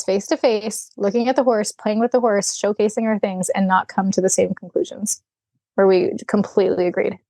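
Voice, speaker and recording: A woman guest on a podcast interview, telling stories in a candid, animated way, acting out bits of dialogue and laughing often. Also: medium pitch, dry recording. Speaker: guest, equine rehabilitator. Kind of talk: podcast interview, casual storytelling.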